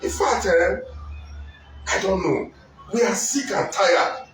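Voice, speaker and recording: A man from Nigeria on a political panel, talking in an animated way with many hesitations and asides. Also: sits high, takes it slowly. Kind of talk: political discussion. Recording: echoey room, voice from far off, faint music.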